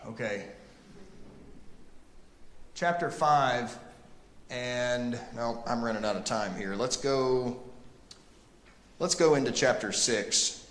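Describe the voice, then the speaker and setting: A man teaching a Bible class, talking to the group in an animated, emphatic way. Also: medium pitch, takes it slowly, pauses often. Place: church classroom. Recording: echoey room with long reverb.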